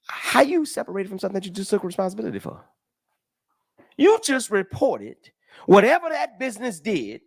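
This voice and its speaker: A man's voice: fairly high pitch, no echo, studio quality. A man giving a casual, emphatic tax lesson, walking through a form line by line and asking his listeners rhetorical questions. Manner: emphatic and animated, with rhetorical questions and folksy talk; walks through a form line by line, counting aloud. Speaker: tax educator. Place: live stream with comments.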